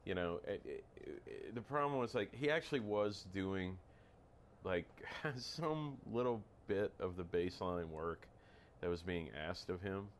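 A man with a very deep voice talks things through in casual chat. He thinks aloud, halting and repeating words as he searches for the point. A faint hiss runs under him. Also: animated.

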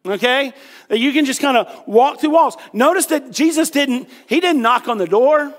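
A pastor with a notably high voice retells a story in his sermon at normal speed, casual and joking, with plenty of "you know" and "um." His words ring out with a long reverb, like in a large church sanctuary.

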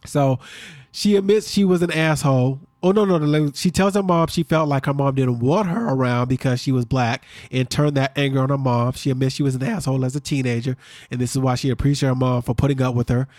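Fast-talking man recapping on a podcast. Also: medium pitch, no echo. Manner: fast-talking, animated storyteller. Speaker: podcast co-host. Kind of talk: casual recap chat.

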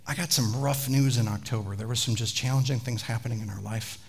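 A man, a pastor, preaching a sermon with animated storytelling and chatty asides to the congregation. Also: medium pitch, quick pace, husky.

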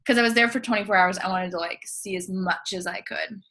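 A woman's voice: mid-range voice, fairly even intonation, a little fast, pushed and bright. An American woman, a podcast guest, telling a long story in a breezy, chatty way, full of casual fillers. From United States.

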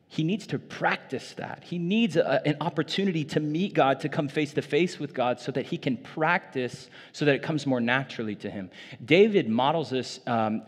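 A man's voice: a little high, husky, in a large hall. A man preaching a sermon in a loose, conversational way, full of casual fillers, in a church. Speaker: pastor.

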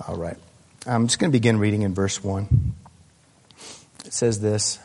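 A man preaching a sermon as pastor, telling a story earnestly and haltingly, with frequent restarts. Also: lowish voice, steady tone, a little mellow. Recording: long hall reverb.

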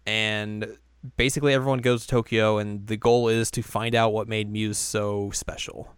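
A man's voice: lowish voice, level tone, normal speed, clean tone, no echo, studio quality. A man co-hosting a podcast, recapping an anime in a rambling, casual way with many fillers. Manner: rambling, filler-heavy, often acts out lines. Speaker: podcast co-host.

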